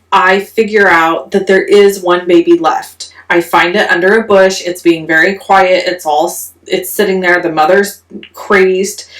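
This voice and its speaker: Lively woman telling a story in an echoey room. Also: on the low side, recorded from a distance. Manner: animated, self-mocking, restarts often. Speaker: crafting vlogger. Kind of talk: casual storytelling.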